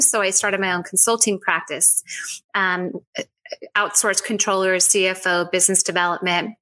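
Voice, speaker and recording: A woman in her forties answers podcast questions with a bright, forceful tone. She is gracious and keeps her answers going in long, flowing runs. Her pitch sits in an ordinary middle range. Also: poor audio. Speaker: whiskey company founder, guest. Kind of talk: podcast interview.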